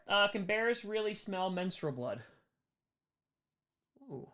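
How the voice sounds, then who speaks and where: A man's voice: high voice, very animated, takes it slowly, pauses often, bright, forceful tone. A young man hosting a casual livestream Q&A, reading viewer questions aloud and rambling through jokey answers. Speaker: host.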